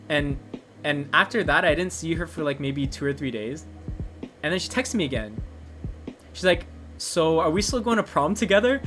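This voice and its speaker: A young adult streamer casually telling a story while crafting at home, animated and laughing, with plenty of swearing and filler words. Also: medium pitch, normal speed, a little hiss or hum.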